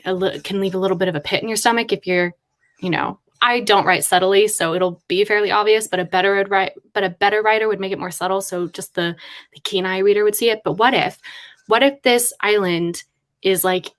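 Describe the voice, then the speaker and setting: Woman rambling as she thinks aloud. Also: mid-range voice. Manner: thinks aloud, rambling, quick asides and laughs. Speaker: writer livestreaming with chat. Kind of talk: casual live-stream chat.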